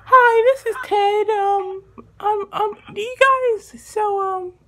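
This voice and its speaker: Man putting on a squeaky falsetto caller, timid, stammering, very high. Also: fairly even intonation, slow, a bit bright, exaggerated voice. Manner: stammering, lots of ums. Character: hesitant high-voiced male caller, timid. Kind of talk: prank phone call.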